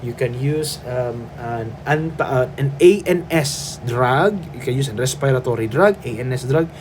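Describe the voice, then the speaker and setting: A man with a Filipino accent lectures a nursing class at an ordinary pitch. He sounds firm and keeps checking in with short tag questions, slipping between English and Cebuano. A faint hum of room ambience sits behind him. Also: expressive, normal speed, darkish tone. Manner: firm, tags lines with "okay?" and "no?". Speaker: nursing instructor.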